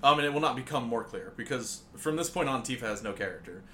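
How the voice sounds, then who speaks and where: A man co-hosting a podcast, talking about a video game in a dry, measured way and handing the topic to his co-host. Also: medium pitch, animated, bright, forceful tone, a little hiss or hum. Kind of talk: casual game critique chat.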